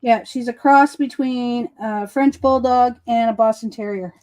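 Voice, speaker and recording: A woman's voice: fairly high pitch, steady tone, measured pace, darkish tone, rough recording. A woman hosting a casual crafting livestream, chatting and telling stories while she works. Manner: chatty, storytelling. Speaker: host.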